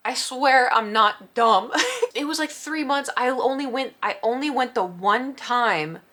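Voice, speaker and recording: A woman's voice: fairly high pitch, unhurried, pushed and bright. A woman vlogger telling a rambling, self-deprecating story in a casual storytime vlog.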